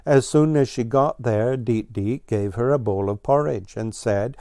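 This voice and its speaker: A man reading a children's story aloud in a slow, even storytelling manner. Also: mid-range voice, dry recording, studio quality. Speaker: storybook reader.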